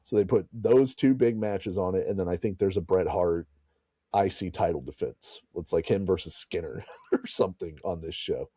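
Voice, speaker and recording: A man's voice: low voice, normal speed, warm tone, husky, no echo. A man hosting a podcast, casually retelling a story and laughing and swearing as he goes. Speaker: podcast host.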